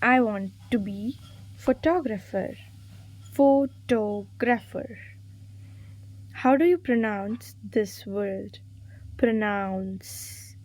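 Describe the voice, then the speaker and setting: Reading exam quiz questions and their answers aloud, a woman spells out words letter by letter for revision. She speaks slowly in an expressive, medium-pitched voice.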